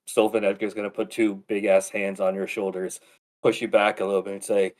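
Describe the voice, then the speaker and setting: Low-voiced man playing a tabletop game. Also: level tone, brisk. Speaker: player.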